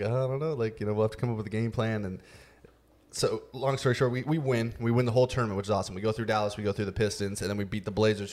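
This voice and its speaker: A man hosting a podcast, telling a story in a relaxed, casual way with many fillers. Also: lowish voice. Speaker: podcast host. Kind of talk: casual chat.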